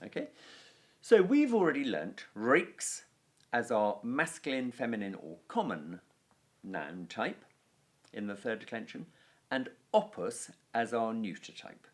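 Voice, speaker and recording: A man's voice: medium pitch, very animated, unhurried. A man teaching a recorded Latin grammar lesson, patiently chanting noun endings and checking in with a frequent "okay".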